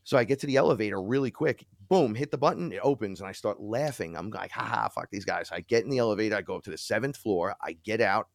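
A man, a podcast guest telling animated, profane stories and acting out the quotes. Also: fairly low pitch, quick pace, hardly any pauses, dry recording, studio quality. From Bronx, New York. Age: 40s. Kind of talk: casual storytelling.

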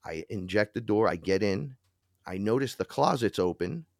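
A man, a podcast guest telling animated, profane stories and acting out the quotes. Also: lowish voice, normal speed, vocal fry, noisy background. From Bronx, New York. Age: 40s. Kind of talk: casual storytelling.

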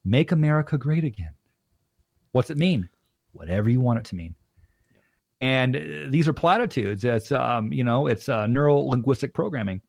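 A man's voice: mid-range voice, animated, moderate pace, creaky, no echo. A man in his thirties from Arizona, a podcast guest telling long rambling stories and acting out the people he quotes. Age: 30s. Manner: rambling, acts out quoted voices. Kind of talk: casual storytelling conversation.

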